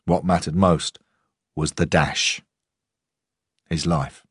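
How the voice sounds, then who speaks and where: A man narrating a first-person audiobook in a measured, understated way. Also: a bass voice, steady tone, slightly rough, no echo, studio quality.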